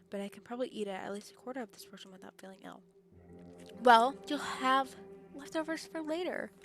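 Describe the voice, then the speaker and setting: A woman's voice: medium pitch, vocal fry. A young woman streaming, chatting casually and reading a visual novel aloud, somewhat out of breath and stumbling over words now and then. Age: young adult. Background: game music.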